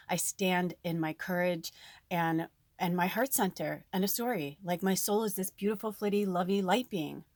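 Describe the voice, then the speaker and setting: A woman giving a casual spiritual reading to her viewers, chatty and animated, swearing now and then. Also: on the low side, dry recording, clean studio sound. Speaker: spiritual reader.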